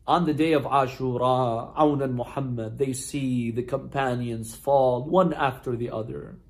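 A man's voice: medium pitch, fairly even intonation, unhurried, hardly any pauses. A man preaching a sermon as a story, impassioned and building in intensity, at times chanting Arabic verses.

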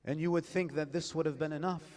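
A man preaching an emotional sermon, telling a story slowly and dramatically, growing impassioned and chanting Arabic quotations in a sung style. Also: a little high, fairly even intonation, darkish tone. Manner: switches between English and classical Arabic recitation. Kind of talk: emotional religious sermon narration.

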